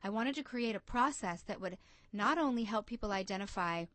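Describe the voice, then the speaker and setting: A woman's voice: mid-range voice, animated, fairly quick, a bit bright, no echo. A woman from the United States, a coach and entrepreneur, telling a story in an interview and acting out the voices she quotes.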